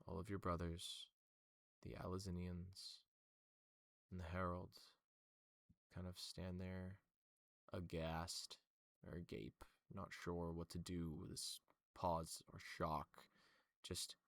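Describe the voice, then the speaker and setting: A man's voice: low voice, flat delivery, slow, creaky, pauses often, no echo. A man narrating as game master for a tabletop game, loose and full of fillers.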